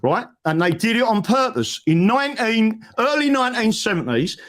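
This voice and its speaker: A man's voice: sits high, very animated, normal speed, fairly bright tone. A man telling a story in a casual, emphatic chat and often tagging "right?". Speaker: guest.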